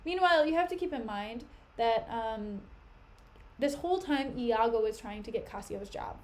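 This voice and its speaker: A woman's voice: fairly high pitch, expressive, normal speed, a little mellow. A young woman streaming, retelling a play in a chatty, slangy way, her voice still recovering.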